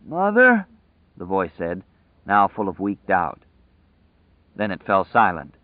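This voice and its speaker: A man with a fairly low voice reads a novel aloud in a measured, dramatic way. The recording is dry with no room sound and has a thin, phone-like tinniness. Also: fairly even intonation, no room sound. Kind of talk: audiobook narration.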